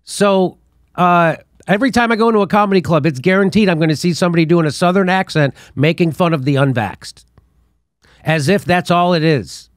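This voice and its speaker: A middle-aged man hosts a political commentary show in a slightly high, lively voice. He sounds scornful and laughs between his points. The sound is close and dry, with no room echo. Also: a little fast. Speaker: show host.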